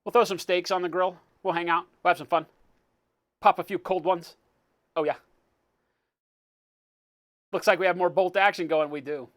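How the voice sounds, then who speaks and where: A man's voice: high voice, steady tone, normal speed, pauses often, a bit bright. A man hosting a live painting stream, chatting casually, joking and greeting viewers by name. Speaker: livestream host, miniature painter.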